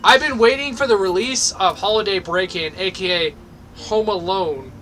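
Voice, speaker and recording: A man's voice: high voice, moderate pace, sharp tone, a little hiss or hum. A young man giving sweary, mock-angry let's play commentary. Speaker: gaming video host.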